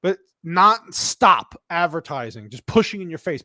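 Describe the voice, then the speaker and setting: A man's voice: a little high, big pitch swings, a little slow, hardly any pauses, bright, forceful tone, dry recording, clean studio sound. A man hosting a casual live show, ranting bluntly and crankily with plenty of swearing while he answers his chat. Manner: cranky, blunt, profane rant. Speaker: streamer reading live chat.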